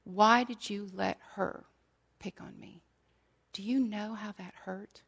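A woman's voice: medium pitch, steady tone, slow pace, vocal fry, a bit bright. A middle-aged woman giving an emotional sermon, sharing her testimony earnestly and sometimes dropping almost to a whisper. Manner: earnest, drops to near whispers at painful moments.

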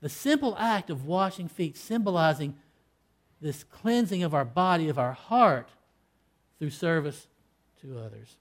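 A male preacher with a slightly raised pitch delivers an impassioned sermon. He climbs to loud, emphatic peaks, then drops to hushed, low endings, and voices quoted scripture in old-fashioned wording. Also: expressive, measured pace.

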